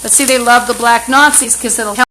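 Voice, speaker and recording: On a home live stream, a woman livestreamer talks into her phone's camera app in her apartment, delivering an agitated, rambling monologue with constant restarts. Her voice is fairly high and bright, forceful yet fairly even in intonation, and she speaks fairly quickly. The audio is poor, with slight background noise from a fan and running water.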